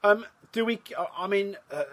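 A man's voice: high-pitched, normal speed, a bit bright. Hesitant male wrestling podcaster. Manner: hesitant, many fillers and restarts. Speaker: podcast co-host. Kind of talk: casual wrestling chat.

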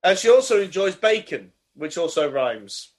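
A man with a fairly high voice co-hosting a casual podcast. He makes wordplay jokes and stumbles through restarts. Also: sing-song, normal speed. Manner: jokey, punning, stumbles over words. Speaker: podcast co-host. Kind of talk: casual chat.

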